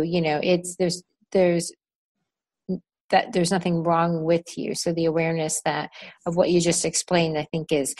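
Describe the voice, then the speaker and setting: A woman hosting a podcast interview, talking in a thoughtful and measured way. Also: lowish voice, level tone, darkish tone. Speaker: podcast host. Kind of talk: conversational interview.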